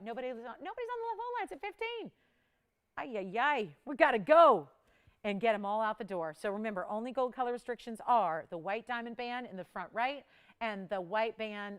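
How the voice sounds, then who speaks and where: A woman hosts a live home-shopping show, selling jewelry with a smooth, upbeat, urgent and chatty pitch while she counts down the prices.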